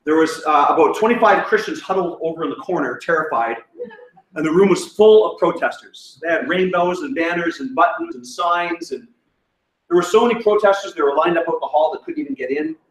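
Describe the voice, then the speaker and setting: A Canadian man speaks as a guest preacher in a church auditorium, his fairly high voice expressive and brisk. He tells sermon stories with self-deprecating humor, laughing at himself. The recording has an echoey hall sound from a distant mic, plus a little hiss or hum.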